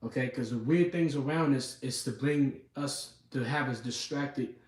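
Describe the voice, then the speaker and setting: A preacher gives an informal sermon, reading scripture and unpacking it conversationally with frequent asides to listeners, repeating "you know what I'm saying" and "man." His voice is mid-range at normal speed, recorded in an echoey room with the mic at a distance.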